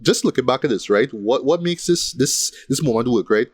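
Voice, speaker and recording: A man co-hosting a laid-back film podcast, talking in loose, rambling runs and checking in with "right?" at every turn. His voice sits at an ordinary middle pitch. The sound is dry and close, with no room around it. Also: lively intonation, moderate pace, husky, no echo. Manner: rambling, repeats "right?" often. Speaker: podcast co-host. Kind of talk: casual film review chat.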